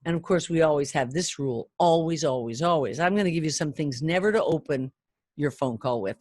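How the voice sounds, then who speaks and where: An older woman who trains people in phone sales, speaking in a chatty, animated way and acting out the lines of callers and customers. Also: sits low, no echo, studio quality. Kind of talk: training talk to camera.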